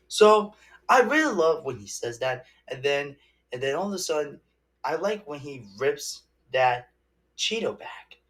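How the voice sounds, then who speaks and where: A young man giving a casual movie review, rambling and halting with many restarts and fillers. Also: mid-range voice, fairly bright tone.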